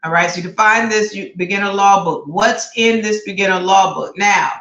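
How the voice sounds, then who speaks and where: A woman's voice: medium pitch, normal speed, a bit bright, muffled recording, a little hiss or hum. A woman hosting an online law class on a livestream, chatting casually, greeting viewers one by one and repeating her words. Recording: echoey room.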